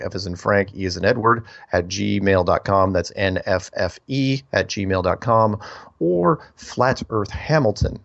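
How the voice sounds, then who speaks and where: A man's voice: fairly low pitch, gravelly, dry recording. A man hosting a call-in radio show, rambling through announcements and spelling out contact details. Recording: dry, dull lo-fi audio.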